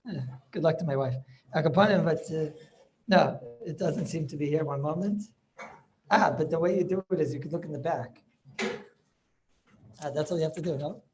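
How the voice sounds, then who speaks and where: A man's voice: fairly high pitch, normal speed, pauses often, noisy background. A man, a rabbi, teaching an informal class over a video call, chatty and sprinkling in study-hall terms. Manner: chatty, mixes in Yiddish and Hebrew study terms.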